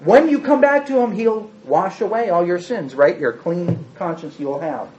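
A high-voiced man preaching a sermon, acting out quoted speech with sudden jumps up and drops to a hush. The recording is dull and lo-fi, with the top end muffled. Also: normal speed. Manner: animated, acts out quotes with big swings in pitch and loudness.

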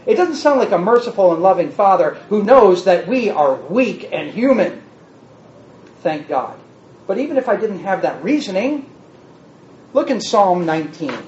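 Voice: mid-range voice, sing-song, moderate pace, darkish tone, slight background noise. A preacher teaching a sermon in an echoing hall, recorded with a dull, muffled sound. The delivery is teacherly and plays with word meanings, pressing the listeners with one rhetorical question after another.

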